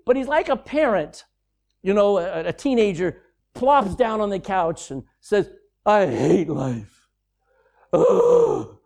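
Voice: mid-range voice, expressive, a little slow, darkish tone. A preacher giving a sermon, reading scripture aloud and explaining it in a conversational, folksy way.

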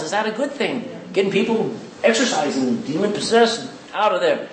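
A male pastor delivers a sermon with an animated, swooping delivery, his voice sitting high for a man. He drops into quick mimicry of the people he describes. The sound is roomy and distant, with faint room noise behind him. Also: a crowd in the background. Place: church. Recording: echoey church hall, distant mic.

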